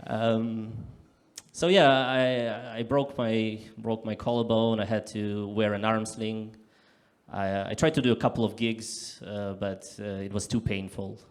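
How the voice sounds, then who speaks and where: Smooth and lowish, this comedian's voice moves a little slowly through his live club set. Deadpan jokes alternate with sudden, loud character voices he acts out.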